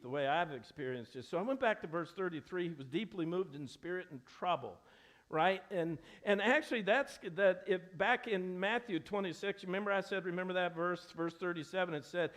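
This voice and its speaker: A middle-aged man preaching a sermon in a church, earnest and conversational, often restarting his sentences. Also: sits high. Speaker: pastor. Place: church sanctuary.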